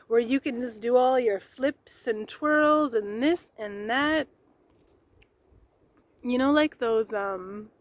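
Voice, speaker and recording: A woman host giving a casual tarot reading, excitable and chatty, swearing now and then. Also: on the high side. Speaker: tarot reader. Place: outdoors in nature.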